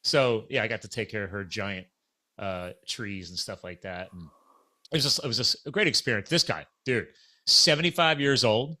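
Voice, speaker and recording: A man casually telling a long story in a podcast chat, animated and acting out the dialogue of people he met. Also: fairly low pitch, normal speed. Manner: animated, acts out quoted dialogue.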